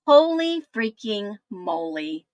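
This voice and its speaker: A woman hosting a livestream, exclaiming in disbelief and talking straight to her viewers, her voice going hoarse. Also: mid-range voice, sing-song, slow, darkish tone, no echo, highs cut off. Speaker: livestream host. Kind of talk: excited livestream commentary.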